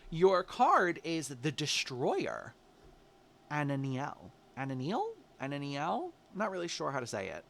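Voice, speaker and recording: A man's voice: fairly high pitch, huge pitch swings, moderate pace, gravelly, hardly any pauses, fairly bright tone, slight background noise. A man giving a casual, upbeat tarot reading, encouraging the listener and calling them babe. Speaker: tarot reader.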